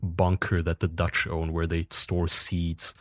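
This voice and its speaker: Male podcast co-host, very low voice, dry close sound, jokey delivery. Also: completely flat delivery, unhurried, a bit bright, no echo. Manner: joking, goofy asides. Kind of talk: casual chat.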